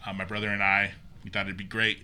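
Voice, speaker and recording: A young man casually telling a ghost story, animated and acting out the quotes. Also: fast talker, a little hiss or hum. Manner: animated, acts out quotes with pitch jumps.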